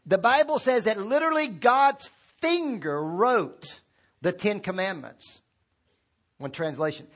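A man's voice: sits high, expressive, unhurried, a bit bright. A man preaching a sermon as pastor, talking informally and asking the congregation to repeat words after him. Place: church sanctuary.

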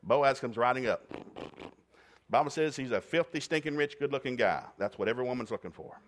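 A preacher man from East Tennessee tells a Bible story as a comic sermon. He talks in a folksy, plainspoken way, slipping jokes into the teaching at a middling pitch. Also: lively intonation, brisk. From East Tennessee, USA.

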